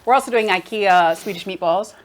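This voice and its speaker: A woman's voice: mid-range voice, brisk, slight background noise. Chatty woman vlogger at her kitchen table. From United States. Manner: chatty, laughing often, talking with mouth full. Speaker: vlog co-host cooking for a friend. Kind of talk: casual chat over a meal. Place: home kitchen.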